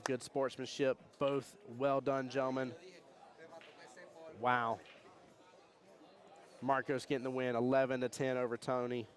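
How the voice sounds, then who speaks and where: Man, live pool commentary, jokey and excitable, reads chat aloud. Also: mid-range voice. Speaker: pool match commentator and streamer. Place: pool hall during a tournament.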